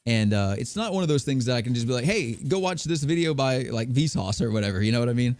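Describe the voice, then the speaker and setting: A man's voice: mid-range voice, lively intonation, fast, a little mellow, no echo. A man hosting a casual podcast chat, rambling with lots of fillers and restarts. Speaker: podcast host.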